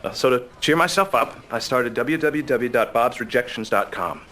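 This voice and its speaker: An actor playing a hapless, self-deprecating store clerk who talks in a mild, hesitant way. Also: male voice, medium pitch, expressive, moderate pace, a bit bright, a little hiss or hum, close to an everyday voice. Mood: glum. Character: shy, hapless young male store clerk. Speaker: client. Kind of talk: sitcom acting.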